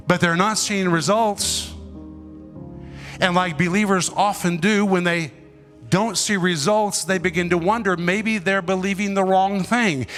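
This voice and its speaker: Emphatic preacher man, higher voice. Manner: emphatic, dramatic pauses, swings loud and soft. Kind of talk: sermon.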